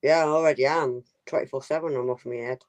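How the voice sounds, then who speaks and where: A man's voice: mid-range voice, steady tone, quick pace. A man in casual, joking banter on a livestream. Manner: joking, laid-back banter. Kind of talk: casual chat.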